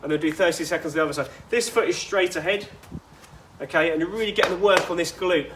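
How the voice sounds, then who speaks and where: Male fitness coach, higher voice, chatty instructive delivery with asides, outdoor take with light ambience. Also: fast talker, noisy background. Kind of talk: guided workout instruction.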